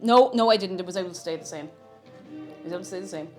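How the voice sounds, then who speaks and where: A woman's voice: lowish voice, rapid-fire, darkish tone. A young Irish woman streaming live as she cooks, chatting playfully with her chat and reading out messages. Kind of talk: casual live-stream chat while cooking. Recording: faint music in background.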